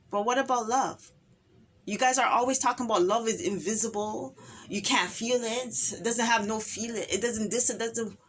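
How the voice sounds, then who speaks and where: A woman's voice: fairly high pitch, a bit bright, a little hiss or hum. A woman speaking an impassioned personal monologue, emphatic and repetitive, full of rhetorical questions.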